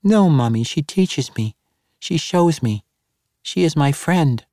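A man's voice: a little high, lively intonation, slow pace, mellow, no room sound, clean studio sound, pitched above the performer's own voice. A man voicing a little girl who speaks sweetly and soothingly to her mother. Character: eerie calm little girl, child.

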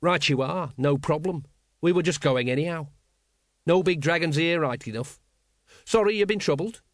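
A rough street mob leader, played by a male narrator, drawling his words with coarse sarcasm. He sounds a touch higher and slower than the reader's own voice, recorded close and dry. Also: no room sound, natural voice. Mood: nervous. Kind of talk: audiobook character voice.

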